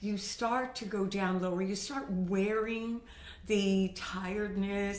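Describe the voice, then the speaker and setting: A middle-aged woman voice teacher recovering from a sinus infection, chatting and demonstrating pitch with her own voice in a home video lesson. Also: fairly even intonation, slow, a little mellow. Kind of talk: instructional video talk. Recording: roomy home recording.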